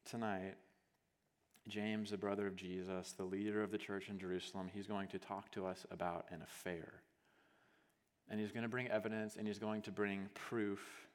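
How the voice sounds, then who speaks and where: Long hall reverb surrounds a male pastor whose lowish voice comes out flat at a moderate pace. He delivers his sermon as a vivid acted-out story, going from hushed to loud and saying "like" casually and often.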